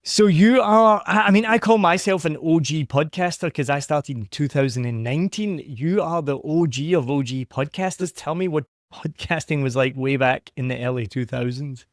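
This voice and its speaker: A man with a softened Scottish accent hosting a podcast interview, with an upbeat, promotional delivery. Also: a little high, normal speed, hardly any pauses, no room sound, studio quality. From Scotland. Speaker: podcast host.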